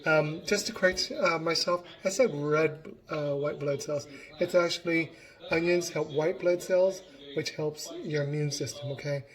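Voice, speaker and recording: A man's voice: fairly high pitch, a little slow, fairly bright tone. A man giving a casual cooking demonstration in his home kitchen, chatty and encouraging as he talks while chopping.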